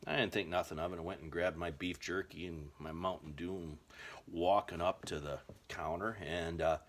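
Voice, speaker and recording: A man's voice: deep voice, fairly even intonation, normal speed. An American man telling survival stories in a folksy, rambling way, full of filler words. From United States. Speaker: survival vlogger. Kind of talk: casual storytelling to camera.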